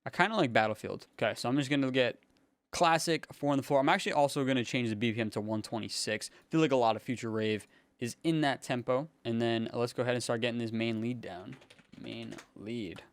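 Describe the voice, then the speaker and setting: A young man, a music producer, casually thinking aloud in a relaxed, slangy way as he builds a track in his home studio. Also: medium pitch, brisk. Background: faint synth music playing.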